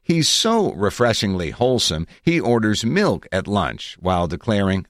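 Lively-voiced male narrator, dry studio sound. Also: on the low side, dry recording. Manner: reflective, measured storytelling with wry asides. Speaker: journalist narrating his own article. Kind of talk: scripted narration.

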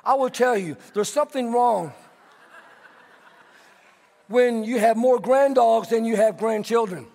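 A man in middle age preaches with a strikingly high-pitched voice, moving between teaching and lively storytelling. His words ring out with a long echo in a large church hall. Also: a little slow, gravelly, pauses often. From Texas. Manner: animated storytelling, conversational preaching. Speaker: pastor. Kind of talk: sermon.

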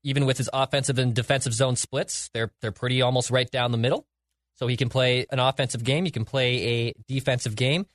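A man's voice: medium pitch, fairly even intonation, brisk, no room sound, studio quality. A man co-hosting a sports podcast, confident and jokey, backing his picks with stats. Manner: confident, jokey, stat-heavy. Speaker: podcast co-host. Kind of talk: casual sports chat.

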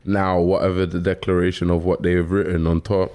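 Male podcast guest, low voice, dry teasing, casual chat. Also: flat delivery, brisk, darkish tone.

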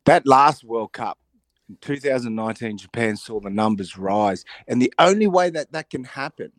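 Husky-voiced man, hoarse from a cold. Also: mid-range voice, moderate pace, no echo. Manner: animated, rambling with restarts. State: recovering from a cold. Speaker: radio co-host. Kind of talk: casual radio chat.

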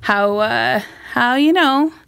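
A woman's voice: on the high side, slow, vocal fry, fairly bright tone, clear, resonant tone, no room sound. A woman filmmaker talking earnestly in a casual podcast conversation, acting out the people she quotes. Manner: earnest, reflective, acts out quoted dialogue. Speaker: filmmaker guest.

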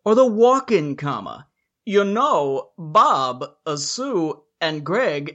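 A man's voice: fairly high pitch, very animated, takes it slowly, sharp tone, muffled recording. A man hosting a casual podcast discussion, chatty and jokey, laying out his points in order. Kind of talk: casual book-review discussion.

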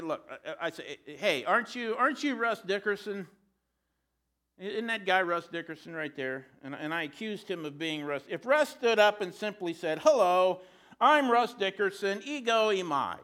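A man's voice: high voice, fairly bright tone. A man preaching a sermon in a conversational way, with joking asides.

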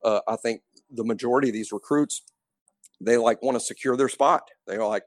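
A man's voice: medium pitch, fairly quick, dry recording, clean studio sound. A man co-hosting a casual sports podcast, explaining his points in a conversational way and stressing the key facts. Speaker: podcast co-host.

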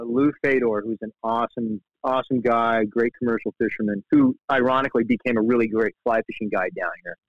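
A middle-aged man, a guest, telling fishing stories in a casual, animated way, with many restarts and lively quoted voices. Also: mid-range voice, no room sound. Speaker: guest, shark fly fisherman. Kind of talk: casual storytelling. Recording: slightly muffled, dry sound.

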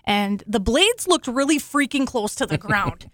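A woman talks in a casual, heartfelt way, laughing often as she tells her story to guests in a studio. Her voice sits fairly high. The sound is close and dry. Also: lively intonation, measured pace, dry recording. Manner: chatty and emotional, laughs often. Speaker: show host, accident survivor. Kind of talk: grateful casual studio talk.

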